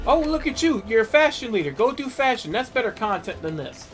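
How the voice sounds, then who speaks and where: A woman streaming a game, with a fairly high voice whose pitch swings widely. She rants in irritation and swears heavily. Game music plays clearly behind her. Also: sing-song, a little fast. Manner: irritated ranting, heavy swearing. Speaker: gaming streamer. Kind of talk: live game commentary.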